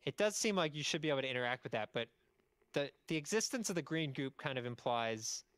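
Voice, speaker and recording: A man's voice: medium pitch, expressive, quick pace, a bit bright, no echo. Teasing man watching a friend play. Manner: teasing, gives joking advice. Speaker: game show co-host. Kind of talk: casual gameplay chat.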